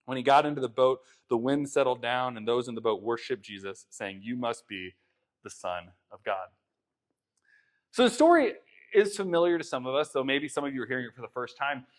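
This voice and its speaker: A young man delivers a relaxed, conversational sermon at an ordinary middle pitch. He retells the story with animated swings in pitch and energy, scattering casual fillers and restarts throughout. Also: fast. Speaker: pastor.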